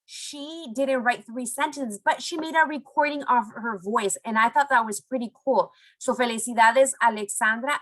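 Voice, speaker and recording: A woman teaching Spanish phrases to young students in a recorded online lesson, encouraging them and modelling phrases slowly. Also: high voice, a bit bright, rough recording.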